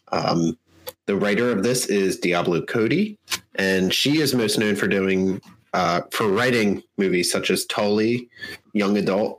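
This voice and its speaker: A man co-hosting a casual podcast chat, chatty and halting, with plenty of fillers. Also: deep voice, fairly bright tone. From Minnesota, United States. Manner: chatty, laughs mid-sentence, halting fillers. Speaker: podcast co-host.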